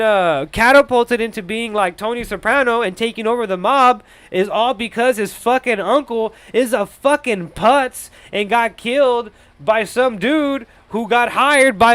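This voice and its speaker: A man's voice: high voice, a bit bright. A man giving a casual live movie review, rambling and profane, full of fillers.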